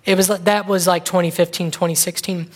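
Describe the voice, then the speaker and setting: A man preaching in a relaxed, conversational way, drifting between asides and anecdotes and slipping into little acted-out scenes. His voice rings with the long reverb of a big church hall. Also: sits high, brisk. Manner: rambling and chatty, acts out little scenes. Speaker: pastor. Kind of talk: conversational sermon.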